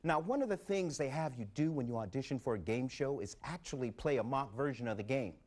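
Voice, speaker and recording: A man's voice: medium pitch, animated, fairly quick, a little mellow. A man giving a wry, dry comedic commentary monologue to camera.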